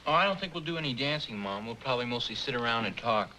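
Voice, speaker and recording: An actor playing an earnest, polite young college son in a 1950s sitcom, a little flustered. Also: male voice, mid-range voice, lively intonation, fast talker, sharp tone, a little hiss or hum, low-quality recording. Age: young adult.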